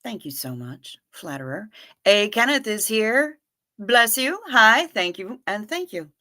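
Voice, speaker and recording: Her mid-pitched voice is very animated yet a little slow, with a pushed, bright quality. She runs a casual livestream, reading viewer comments in a folksy way, naming each viewer, calling them honey, and humming or singing doo-doo fillers.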